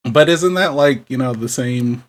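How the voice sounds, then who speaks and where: A man co-hosting a pop culture podcast, chatting in a wry, meandering way. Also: medium pitch. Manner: wry, drawn-out, trailing off. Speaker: podcast co-host. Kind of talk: casual chat.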